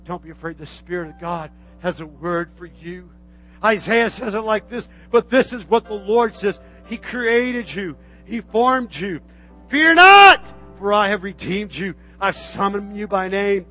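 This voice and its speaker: High-voiced preaching man, loud then hushed. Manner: swings between loud shouted exhortation and hushed intimate speech; repetitive, call-and-response preaching. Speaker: pastor. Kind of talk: sermon.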